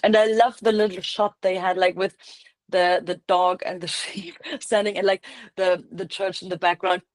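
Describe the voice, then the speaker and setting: A woman co-hosts a relaxed review podcast, quick to agree and often repeating words as she starts. The recording is dry, with no room echo. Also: lowish voice. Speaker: podcast co-host. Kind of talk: casual review chat.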